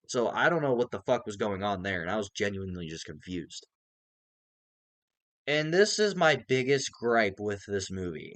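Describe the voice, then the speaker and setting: A man's voice: fairly low pitch, a bit bright, no room sound. A young man giving a casual, exasperated movie review, swearing heavily as he rants. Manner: exasperated ranting, heavy swearing. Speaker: film reviewer.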